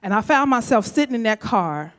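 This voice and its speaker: A woman's voice: fairly high pitch, expressive, a little fast, in a large hall. A woman from St. Louis telling a personal story on stage, playful and chatty, talking straight to the audience. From St. Louis, USA. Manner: playful, chatty, addresses audience with "y'all" and "honey". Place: event venue stage.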